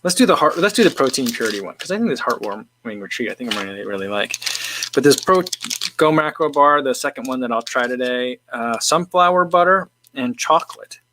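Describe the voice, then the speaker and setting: A man's voice: mid-range voice, expressive, a little fast, background noise. Rambling man chatting on a livestream. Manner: rambling, filler-heavy, restarts often; eating while talking. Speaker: livestream host. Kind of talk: casual livestream chat.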